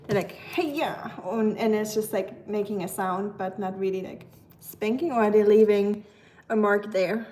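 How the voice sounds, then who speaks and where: A woman's voice: mid-range voice, moderate pace, mellow. A woman from Germany, chatting casually on a live stream, reading out viewer comments and filling her talk with "like". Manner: chatty, reads viewer comments aloud, heavy use of "like".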